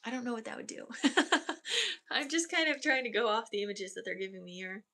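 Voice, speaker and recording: Gravelly, bright-toned woman energy healer. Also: on the high side, a little fast. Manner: soft, flowing, relays messages from spirits. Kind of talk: channeled healing session with guided grounding.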